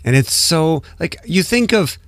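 A man's voice: on the high side, animated, unhurried, a bit bright, dry recording. A man hosting a morning radio show, teasing his co-host in a wry way.

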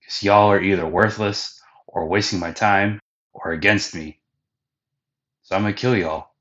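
A man voicing a furious male pirate captain who threatens everyone in a flat, quick delivery. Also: fairly low pitch, highs cut off. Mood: menacing.

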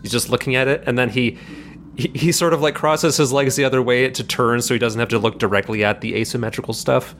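A man's voice: mid-range voice, steady tone, fairly bright tone, a little hiss or hum. Man narrating as game master. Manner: descriptive, halting with fillers.

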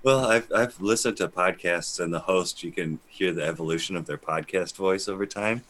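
A man who is a podcast guest, answering in a relaxed, hesitant way with frequent ums. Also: low-pitched, normal speed, slight background noise. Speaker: guest brewery co-owner. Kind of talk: casual interview.

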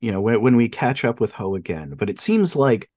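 A man's voice: medium pitch, sing-song, brisk, mellow, no echo. A man co-hosting a podcast, chatting casually about a film and acting out the characters' lines as he retells the plot. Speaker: podcast co-host.

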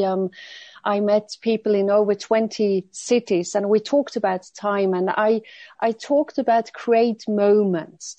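A woman from Switzerland talking as a guest in an interview, reflective and halting, often restarting her sentences. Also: mid-range voice, mellow, no room sound. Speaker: guest speaker. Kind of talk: conversational interview.

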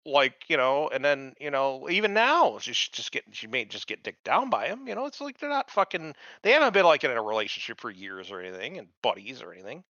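Very animated and fairly quick, this mid-range, sharp-toned man barely pauses as he co-hosts a podcast, cursing and ranting about a TV show and imitating its characters in mocking voices. The casual chat is a crude recap, recorded with no echo but a dull lo-fi quality.

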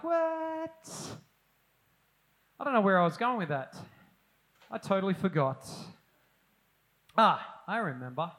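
A middle-aged man preaching a sermon, animated and self-deprecating with humorous asides. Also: high voice, low-quality recording. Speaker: pastor.

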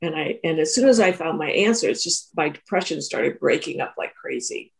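A woman's voice: deep voice, lively intonation, fairly quick, creaky. A woman who is a teacher and therapist tells a reflective personal story in an interview, talking earnestly and often repeating and restarting her phrases. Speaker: Three Principles teacher and therapist.

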